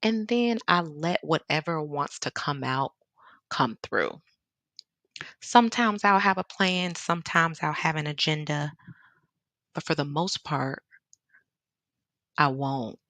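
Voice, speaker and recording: A woman's voice: low voice, slow, pauses often, fairly bright tone, no echo. A woman from the Midwest with a Chicago accent, casually chatting and reading out viewer comments on a painting livestream, laughing often. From American Midwest. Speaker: artist livestream host. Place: home studio in Seattle.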